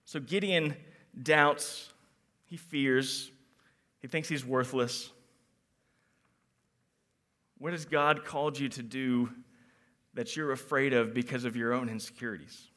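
A man preaching a sermon to young people, animated, acting out quotes and moving between loud emphasis and quiet reflection. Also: mid-range voice, slow, long pauses. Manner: animated, acts out quotes in different voices.

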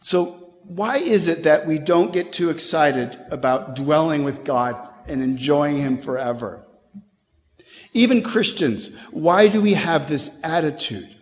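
A man preaching a sermon as pastor, earnest and emphatic, with quick conversational asides. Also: a little high, expressive. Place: church sanctuary. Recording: long hall reverb.

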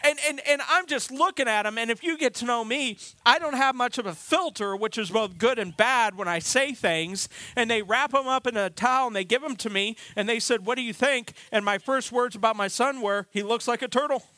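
A man in his thirties preaching a sermon, telling a funny family story with animated, self-deprecating delivery. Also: very high-pitched, fairly quick, hardly any pauses, no echo. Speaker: pastor.

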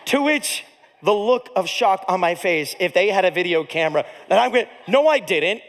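A male pastor preaching a storytelling sermon, animated and comic, with big swings in volume. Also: high-pitched, normal speed, big-room sound.

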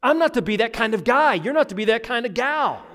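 A man preaching a sermon, animated, acting out the voices of people he quotes. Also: very high voice, a little fast. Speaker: pastor.

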